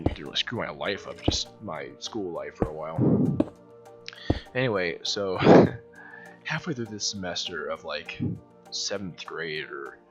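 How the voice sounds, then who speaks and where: A young man from the American South telling a rambling school story over gameplay, full of fillers and restarts. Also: low-pitched. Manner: rambling, many fillers and restarts, laughs often. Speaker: gaming channel host. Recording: music playing behind voice.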